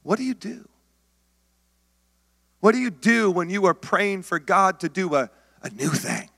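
A middle-aged man preaching a sermon, telling his own story with lively acted-out lines and calling out to the congregation. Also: high voice, measured pace, vocal fry. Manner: animated storytelling, acts out his own past words; calls out to the congregation. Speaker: pastor. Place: church sanctuary. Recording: long hall reverb.

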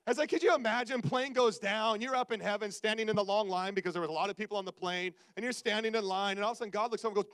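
Male pastor, high voice, animated, self-mocking humor, conversational sermon, dry close sound. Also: racing, few pauses, clean tone, no room sound. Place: church service before a congregation.

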